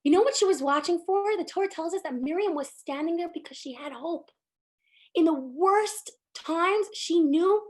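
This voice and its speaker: Brief: high-pitched woman teacher, animated religious storyteller, lots of fillers. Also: unhurried.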